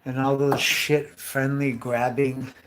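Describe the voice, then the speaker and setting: A man's voice: mid-range voice, flat delivery, slow pace, a little hiss or hum. A man of fifty in a rambling comic monologue, swearing freely, calling everyone dude and bro and firing off rhetorical questions. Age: 50s. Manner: profane, chatty, full of rhetorical questions; calls listeners dude and bro.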